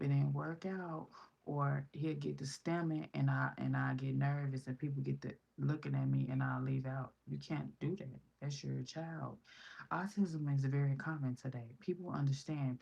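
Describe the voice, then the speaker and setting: A mother in her thirties with a Chicago accent vlogs in a casual, blunt, profane way, quoting other people in raised voices. Her very deep voice is gravelly, mellow and slightly rough, with lo-fi sound.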